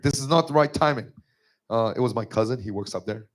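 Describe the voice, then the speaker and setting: Emotional man giving a church testimony. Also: brisk. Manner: emotional, rising to high strained pitch when moved. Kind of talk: personal testimony sermon.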